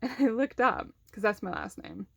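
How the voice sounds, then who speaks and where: A woman's voice: mid-range voice, animated, moderate pace, gravelly, fairly bright tone, husky, dry recording, studio quality. Casual young woman telling a story. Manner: conversational, many fillers, acts out quoted voices. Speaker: vlogger telling a personal story.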